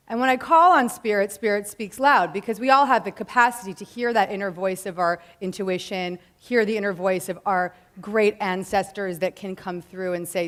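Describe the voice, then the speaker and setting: A woman in her thirties speaks to a live audience with earnest, preachy conviction. Her voice sits in a middle pitch, and she slides easily between casual slang and spiritual phrasing. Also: moderate pace, a bit bright. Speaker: motivational speaker. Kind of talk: inspirational talk to a live audience.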